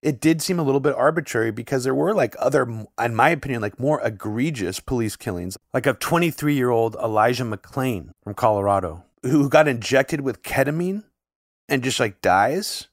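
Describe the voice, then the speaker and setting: A man's voice: mid-range voice, normal speed, no echo. Man chatting on a podcast, dry mic. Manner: talks in long runs with frequent "like" fillers, animated when shocked. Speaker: podcast co-host. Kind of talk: casual conversational podcast chat.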